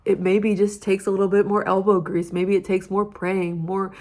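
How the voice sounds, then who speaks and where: A woman's voice: medium pitch, level tone, moderate pace, warm tone. A young woman giving an earnest, heartfelt personal testimony about her campus ministry.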